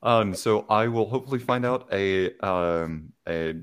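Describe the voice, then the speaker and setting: A young adult man hosts a podcast, reading announcements and chatting casually in an intro. His voice sits on the low side, unhurried, with a clear, resonant tone, and he stumbles over words and laughs at himself.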